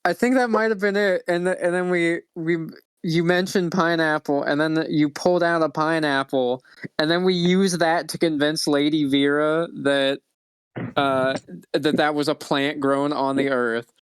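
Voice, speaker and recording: A man acts as game master, loosely recapping the last session and then narrating the next scene. His voice is smooth and resonant, and the recording is dry and close. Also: on the high side, steady tone, dry recording. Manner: laughing, halting, loose storytelling.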